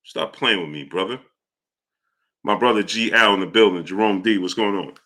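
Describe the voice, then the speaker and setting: A middle-aged man with a lowish, sharp voice hosts a live boxing talk stream at a moderate pace. He reads super chats aloud as commentary and repeats himself out of exasperation.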